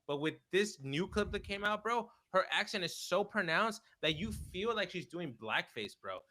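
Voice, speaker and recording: A man's voice: high-pitched, animated, normal speed, crowd noise, low-quality recording. A young man co-hosting a casual political chat, blunt and profane, who peppers his talk with "bro" as he gets worked up. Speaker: podcast co-host.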